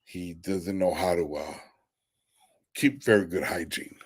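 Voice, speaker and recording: A man's voice: low-pitched, measured pace, slightly rough. A tired young man hosting a casual live stream. He mocks someone crudely, laughs often and reads viewer comments aloud. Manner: crude, mocking trash talk, often laughing. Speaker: livestream host. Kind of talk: casual livestream chat.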